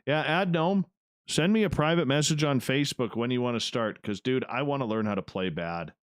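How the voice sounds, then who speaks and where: A man's voice: medium pitch, fairly quick, dry recording, clean studio sound. A man hosting an online radio show, chatting loosely with viewers and talking to himself as he works. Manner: loose, rambling, talks to himself while working. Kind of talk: casual chat reading live viewer comments.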